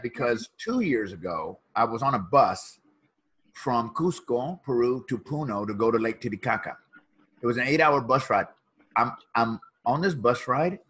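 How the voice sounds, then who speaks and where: A man in his fifties telling stories as a podcast guest, energetic, often laughing and repeating his words. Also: medium pitch, husky, poor audio. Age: 50s. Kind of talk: animated storytelling.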